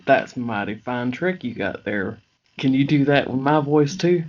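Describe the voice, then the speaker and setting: A man's voice: mid-range voice, animated, moderate pace, lightly acted. A man voicing a friendly, well-mannered adventurer raised among orcs, easygoing and folksy, on dull lo-fi audio.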